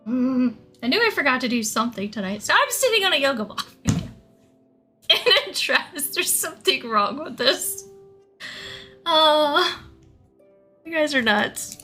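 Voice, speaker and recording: Giggly high-voiced young woman streamer. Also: sing-song, a little slow, pauses often, pushed and bright, faint music behind. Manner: giggly, chatty, thanks viewers. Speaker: livestreamer. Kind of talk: casual live-stream chat.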